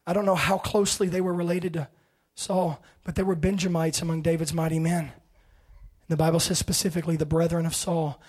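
Man, preacher, high voice, impassioned sermon, loud to hushed. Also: flat delivery, fairly quick. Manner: impassioned, swinging from shouting to hushed.

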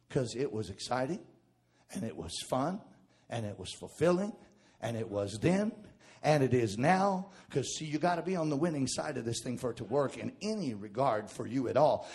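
A male pastor preaching a sermon, dropping to a hush and then rising to shouted, fervent peaks. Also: mid-range voice, lively intonation, moderate pace. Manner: swings from hushed to shouting.

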